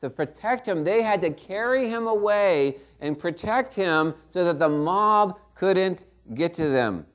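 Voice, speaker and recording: A man's voice: high-pitched, animated, measured pace, few pauses. A middle-aged man preaching a sermon in a conversational way, often checking in with the congregation. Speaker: pastor.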